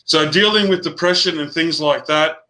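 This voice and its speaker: A man telling a personal story in a casual chat, earnest and halting, often restarting his sentences. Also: a little high, bright, forceful tone, rough recording.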